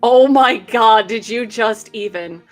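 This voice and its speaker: A woman's voice: fairly high pitch, slow pace, faint music behind. A woman co-hosting a podcast, teasing and exasperated by the others. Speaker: podcast co-host. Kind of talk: casual chat.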